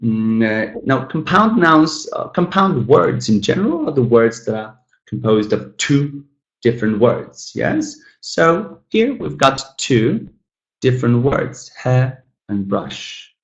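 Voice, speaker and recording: Man, English teacher, slow deliberate delivery, lots of uh and um, classroom lesson. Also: mid-range voice, big pitch swings, lo-fi sound. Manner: slow, deliberate, frequent fillers, addresses listeners as guys. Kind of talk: classroom lesson on word stress.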